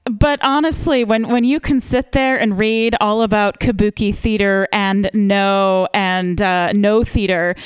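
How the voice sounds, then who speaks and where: A woman's voice: medium pitch, steady tone, measured pace, few pauses, clear, resonant tone, no echo. A woman giving a self-deprecating comic monologue, hesitating with fillers. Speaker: improv comedy performer.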